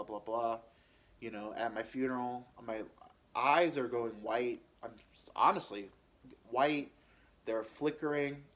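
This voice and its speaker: A man telling a personal story on his podcast in a halting, rambling way, with many fillers and restarts. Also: mid-range voice.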